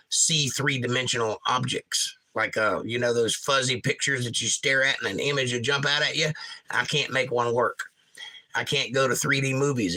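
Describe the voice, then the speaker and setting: A middle-aged man with a sharp, mid-range voice hosts a casual livestream. He reads viewer comments out loud and jokes about them.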